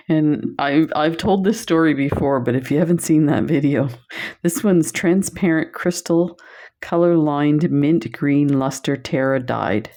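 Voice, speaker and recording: Low-voiced woman chatting about beads. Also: slow, warm tone. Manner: chatty, laughs often while telling stories. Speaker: bead shop video presenter. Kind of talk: casual chat while showing beads.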